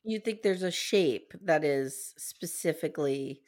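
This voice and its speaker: Lively, animated woman podcast host. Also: sits low, a little slow. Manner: animated, acts out quotes from the episode. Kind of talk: casual recap chat.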